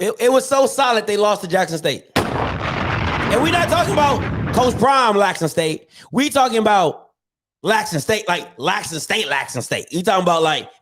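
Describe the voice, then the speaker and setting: A man hosting his own show, ranting casually about sports in an animated, repetitive and mocking way. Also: high voice. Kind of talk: casual sports rant to camera.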